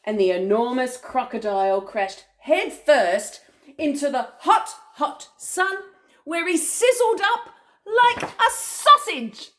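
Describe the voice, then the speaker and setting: Older woman, grandmother, reading a picture book aloud, playful, high voice, very lively. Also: slow pace. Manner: animated, playful, with gasps and chuckles.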